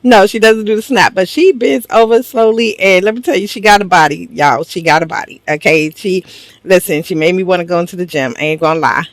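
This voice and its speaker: A woman's voice: fairly low pitch, a little fast, no echo. A woman casually recapping a TV drama episode for her viewers, gossipy and slangy, laughing often. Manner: slangy, talks straight to viewers.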